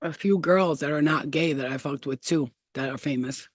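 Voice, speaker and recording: A woman's voice: low-pitched, moderate pace, no echo. Brief: woman in her thirties, livestream host, candid storytelling full of cursing and laughter, dry close sound. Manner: blunt, profane, laughs often. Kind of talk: casual storytelling to live chat.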